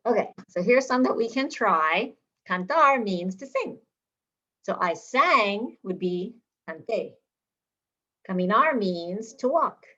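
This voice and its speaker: A woman teaching a Spanish lesson, drilling verb endings slowly and clearly for learners to repeat. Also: mid-range voice, lively intonation, bright, forceful tone. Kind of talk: language lesson. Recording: slightly dull lo-fi sound.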